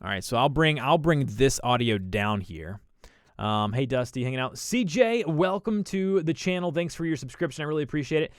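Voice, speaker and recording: A man's voice: medium pitch, animated, normal speed, no room sound, studio quality. A young man with a Southern American accent, chatting casually with viewers on a livestream while he edits video, rambling and restarting his sentences. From Southern United States. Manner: chatty, thinks aloud, frequent restarts and fillers. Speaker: livestream host.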